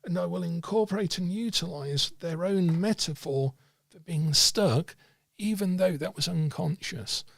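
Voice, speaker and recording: A man teaching tarot reading, speaking in a measured, explanatory way. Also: high voice, vocal fry, husky, dry recording. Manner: measured, explanatory, acts out client dialogue. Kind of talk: teaching talk with acted examples.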